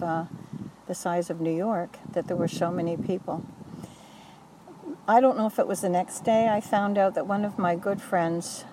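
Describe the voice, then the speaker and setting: Older lady telling her story kinda halting, lowish voice, recorded from a ways off outside with cars going by. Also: recorded from a distance, noisy background. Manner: earnest, halting, with self-corrections. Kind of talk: oral history recollection.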